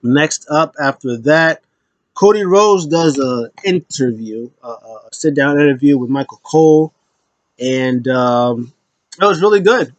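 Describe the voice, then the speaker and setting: A man talking through a casual recap in an animated, rambling way, full of fillers and little laughs. His voice sits a bit high, and he keeps switching into quick impressions as he retells what happened. The sound is dry and close to the mic. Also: no echo, lo-fi sound. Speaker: wrestling recap host.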